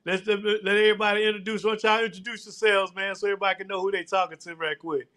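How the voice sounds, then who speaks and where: A man's voice: high-pitched, flat delivery, fairly bright tone. A man hosting a live show, chatting loosely and tossing in "man" and "look here" all the time. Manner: casual, drawn-out, repeats "man" and "look here". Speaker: host.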